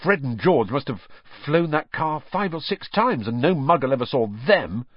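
Man doing a cheeky blunt schoolboy, bouncy pitch, dull recording. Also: big pitch swings, normal speed, husky, dry recording. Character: cheeky hungry teenage schoolboy.

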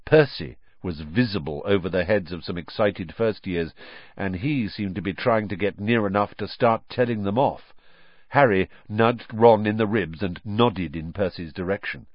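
A man's voice: on the low side, moderate pace, no echo, dull audio. A man narrating a storybook aloud, acting out each character's voice. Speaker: audiobook narrator. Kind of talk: storybook reading.

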